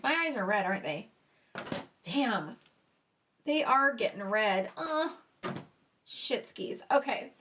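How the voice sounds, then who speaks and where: A high-pitched woman chatting through a casual makeup review. She gushes over what she loves, drops casual curses and laughs at herself when things go wrong. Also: pushed and bright, slight background noise. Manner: chatty, gushing, swears casually, self-mocking. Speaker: beauty vlogger. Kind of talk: casual product review chat.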